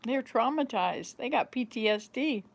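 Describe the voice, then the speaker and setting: A woman in her fifties with a slightly high, creaky voice talks at normal speed in an animated way. Hosting her vlog, she tells wandering stories about home to a small camera and often breaks into laughter.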